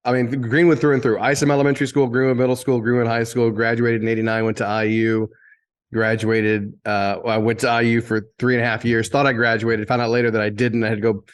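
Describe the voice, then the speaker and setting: A former TV sports and entertainment reporter in his fifties, originally from Indiana, appears as a guest in a casual interview and tells loose, animated stories from his career. He talks quickly at an ordinary middle pitch, with a clear, resonant tone, and he often circles back to restart sentences as a story builds.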